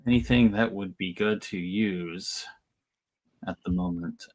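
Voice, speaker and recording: A man playing a tabletop game, hesitant and thinking aloud with many pauses. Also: deep voice, darkish tone. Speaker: player. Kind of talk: casual tabletop game chat.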